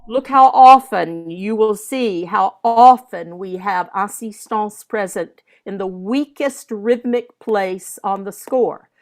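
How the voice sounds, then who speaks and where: An older woman teaching a masterclass for singers, carefully sounding out French words syllable by syllable. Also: mid-range voice. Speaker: voice coach.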